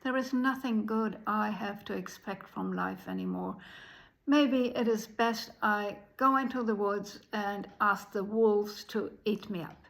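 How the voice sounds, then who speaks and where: A woman's voice: medium pitch, a little slow, vocal fry, fairly bright tone. A woman voicing a poor, desperate little girl who pleads for help. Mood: despairing.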